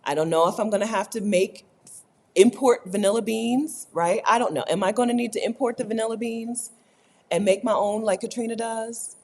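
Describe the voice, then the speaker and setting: A woman talking casually to camera in a chatty, animated way, often tagging her sentences with "right?". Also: fairly high pitch, moderate pace. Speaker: vlogger. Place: rented apartment.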